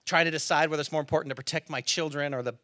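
Middle-aged male pastor, high bright voice, dry close sound, storytelling sermon that swings between loud and hushed. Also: steady tone, very fast, no echo. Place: church service.

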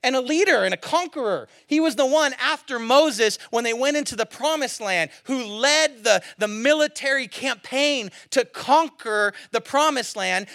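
Bright high-voiced male pastor preaching. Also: creaky, no echo, clean studio sound. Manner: casual, joking and conversational. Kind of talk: sermon.

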